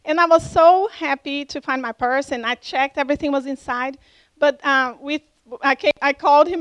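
A middle-aged woman with a non-native English accent, giving an animated testimony and acting out the conversations in her story. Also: normal speed, dry recording, poor audio. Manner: animated, acts out dialogue with lively pitch jumps. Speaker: church member giving a testimony.

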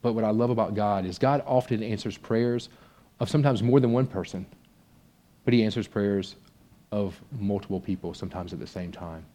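Brief: male pastor, lower voice, warm and mellow, conversational sermon with expressive reading. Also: moderate pace. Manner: conversational, reads aloud expressively. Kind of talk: sermon with a read-aloud story.

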